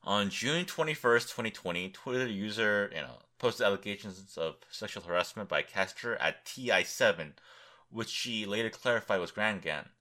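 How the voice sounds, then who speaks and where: A lowish, animated male voice with a bright, forceful tone moves at a moderate pace. It belongs to a young man hosting a podcast alone who is tired and rambling, joking crudely and reasoning aloud as he looks things up.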